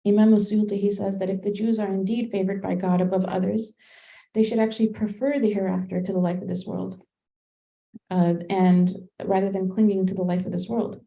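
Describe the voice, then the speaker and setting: A woman's voice: mid-range voice, flat delivery, brisk, creaky, mellow, poor audio. A woman teaching a Qur'an study class, explaining commentary in a conversational way and thinking aloud with fillers and restarts. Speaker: religious teacher.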